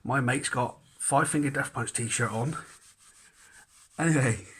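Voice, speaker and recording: Casting: man, husky voice, chatty storyteller. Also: mid-range voice, unhurried, a bit bright. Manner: chatty storyteller, acts out quotes. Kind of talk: casual anecdote.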